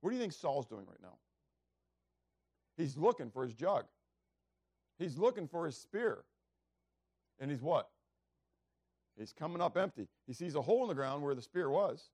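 A man's voice: a little high, sing-song, moderate pace, pauses often, a little mellow, dry recording, clean studio sound. A man preaching a sermon in a conversational way, asking the listeners questions and acting out biblical speeches in a raised voice. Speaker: pastor.

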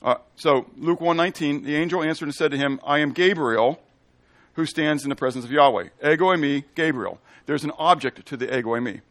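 A man's voice: on the high side, fairly quick, a bit bright, no echo. A man preaching a teaching sermon in a conversational way, often checking in with "okay?" and explaining Hebrew and Greek terms. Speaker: pastor.

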